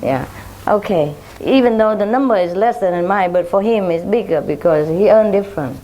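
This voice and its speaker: A woman's voice: medium pitch, moderate pace, dark tone. A woman spiritual teacher telling chatty anecdotes to her followers in simple, loose English. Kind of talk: informal talk to followers.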